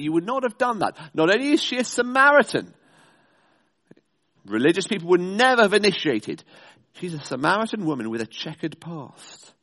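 A male preacher delivering a sermon in a church, his voice sitting high and swinging widely in pitch. He presses his points through emphatic, rhetorical repetition. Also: a bit bright.

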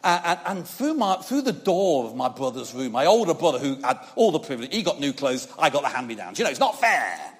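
A man preaching a sermon at a church service, talking conversationally with many tag questions to the congregation, and swinging between loud emphasis and quiet passages. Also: medium pitch, big pitch swings, fairly quick, hardly any pauses.

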